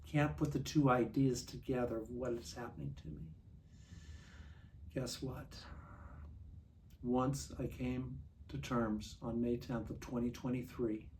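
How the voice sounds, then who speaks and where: A man in his sixties giving an earnest personal recovery testimony, confiding and slowing down for vivid details. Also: medium pitch, a little mellow. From Montana. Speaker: recovery speaker. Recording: distant mic, faint room noise.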